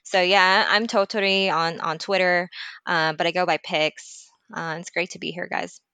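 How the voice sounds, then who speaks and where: A woman's voice: lowish voice, steady tone, normal speed, bright, forceful tone, clear, resonant tone, no echo. A woman from Texas with a light Texan accent, chatting casually as a podcast guest in a laid-back, self-mocking way. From Texas, USA. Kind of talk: casual chat.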